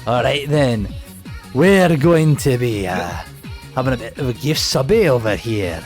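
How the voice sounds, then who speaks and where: A man's voice: mid-range voice, expressive, unhurried, a little mellow, soft background music, pitched below the performer's own voice, lightly acted. A man putting on a playful Scottish accent as a jolly host persona. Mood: jovial. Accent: put-on Scottish. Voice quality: hammy, playful.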